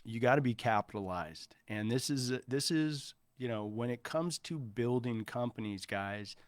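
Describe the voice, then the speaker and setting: A man's voice: medium pitch, animated, normal speed, no echo. A man in his forties, an entrepreneur guest in an interview, giving earnest advice with frequent restarts. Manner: earnest, advising, many restarts. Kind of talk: casual interview talk.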